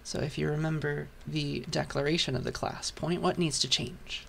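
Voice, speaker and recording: A man lecturing a programming class, patient and step by step while writing, his voice hoarse. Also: fairly high pitch, fairly even intonation, moderate pace, fairly bright tone, a little hiss or hum. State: hoarse, losing voice. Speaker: university lecturer. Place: lecture hall.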